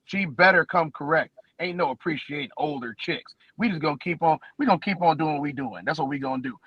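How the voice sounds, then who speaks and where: A man's voice: on the high side, fast talker, husky, dry recording, highs cut off. A man co-hosting a podcast, boasting and mocking in brash banter, repeating his words. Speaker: podcast co-host. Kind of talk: brash trash-talking banter.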